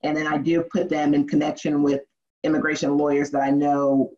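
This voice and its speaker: A lawyer as a podcast guest, telling lively stories and acting out what people said. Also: medium pitch, a little fast. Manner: animated storytelling, acts out quoted voices, laughs often. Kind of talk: casual interview. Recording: dull, muffled sound.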